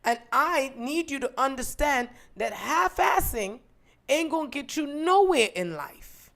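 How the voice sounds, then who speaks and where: A woman's voice: high voice, expressive, measured pace, vocal fry, a bit bright, pitched above the performer's own voice, exaggerated voice. A woman voicing her stern mother, who scolds her daughter in a commanding, insistent way. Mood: scolding.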